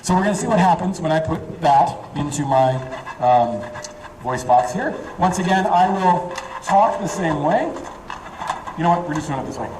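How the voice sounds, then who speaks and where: A man's voice: sits high, animated, measured pace. A man giving a live chemistry demonstration, explaining in a chatty way with lots of fillers. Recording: distant mic, faint background noise.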